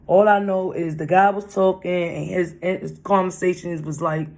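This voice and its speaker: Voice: medium pitch, fairly even intonation, moderate pace, darkish tone. A casual storytime vlog told in a loose, rambling voice. The speaker circles back and repeats lines, leaning on slangy street talk. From Brooklyn, New York. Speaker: vlogger.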